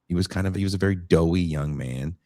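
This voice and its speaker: A man with a deep, low voice tells a story in casual podcast chat, animated and blunt, with the odd curse. The sound is dry and close, with no room around it. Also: fast, dry recording. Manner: animated retelling with swearing and acted quotes. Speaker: podcast co-host.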